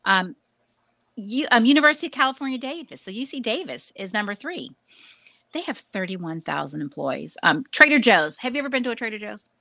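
A woman in her forties co-hosting a casual podcast chat, talkative and laughing often, acting out lively quoted voices. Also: mid-range voice, a little fast, creaky, no echo. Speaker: podcast co-host.

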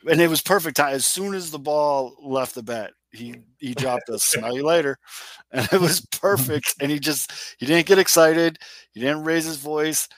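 Animated podcast host, dry sound. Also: male voice, on the high side, normal speed, no echo. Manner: animated, swears, laughs while telling stories. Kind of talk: casual sports chat.

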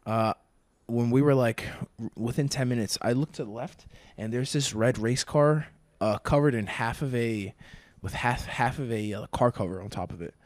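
A man's voice: medium pitch, moderate pace, no echo. Man swapping casual fight stories. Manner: loose, swears freely, tells stories with animated voices. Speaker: podcast co-host. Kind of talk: casual chat.

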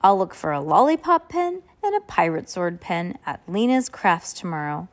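A woman reading a storybook aloud, voicing a cheerful, generous aunt in a friendly, measured way. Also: fairly low pitch, very animated. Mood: kindly.

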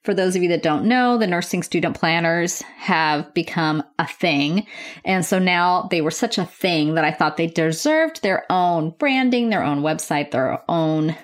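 A woman's voice: lowish voice, lively intonation, unhurried. A woman hosting her nursing podcast, chatting in a bubbly, enthusiastic way from her office. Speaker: podcast host, nurse. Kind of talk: casual podcast chat. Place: home office.

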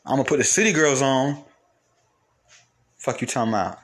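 A man's voice: medium pitch, animated, normal speed. A man delivering an angry, profane rant to camera, firing off repeated rhetorical questions.

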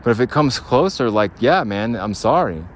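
A man's voice: mid-range voice, big pitch swings, moderate pace, a little hiss or hum. A man talking on his own podcast while walking outdoors, ranting bluntly and swearing casually as he rambles. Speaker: podcast host. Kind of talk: rambling solo podcast monologue.

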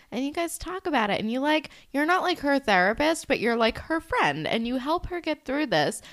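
Young woman, podcast co-host, higher voice, rambling, jokey storytelling. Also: expressive, normal speed, a bit bright. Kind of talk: casual podcast chat, telling a made-up story.

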